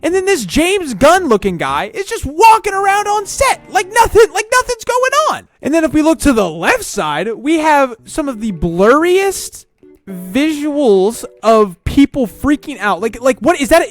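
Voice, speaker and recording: An online commentator in a casual video, excitable and stammering, firing off rhetorical questions. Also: high voice.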